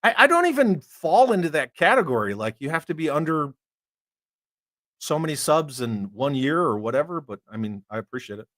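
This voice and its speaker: A man's voice: fairly high pitch, very animated, a little fast, a bit bright, dry recording, studio quality. A man hosting a toy collecting live stream, chatting casually, joking and swearing while he reads comments. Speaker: army veteran.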